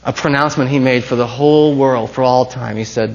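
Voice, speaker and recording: A man preaching a sermon as pastor, swinging between hushed intensity and rising passion. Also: mid-range voice, fairly even intonation, brisk, creaky, hardly any pauses, highs cut off.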